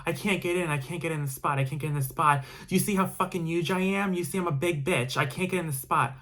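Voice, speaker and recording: A frantic, panicked woman, put on by a man in a raised, shrill voice. She gets stuck on a single panicked demand and repeats it over and over. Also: quick pace, sharp tone. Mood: hysterical. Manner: hysterical, repeating herself. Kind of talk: acted quote in a storytelling vlog.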